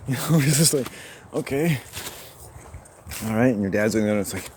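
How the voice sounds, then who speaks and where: A man rambling to himself in a solo vlog while out hiking, musing and swinging between quiet and loud. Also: mid-range voice, unhurried, long pauses, slight background noise. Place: outdoors on a hiking trail.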